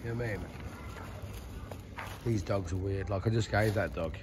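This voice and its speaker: A man's voice: fairly low pitch, moderate pace. A man rambling chattily through a walking travel vlog, filmed outdoors at night on a handheld camera. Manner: rambling, chatty storytelling with many restarts. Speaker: travel vlogger. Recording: noisy outdoor street recording. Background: street noise and barking dogs.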